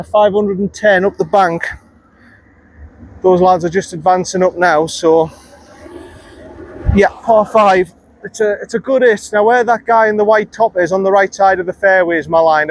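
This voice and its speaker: Out on the course, a man with a high-pitched, fairly even voice narrates his golf round at a moderate pace. As a vlogger he's chatty and hard on himself, grumbling under his breath whenever a shot goes wrong.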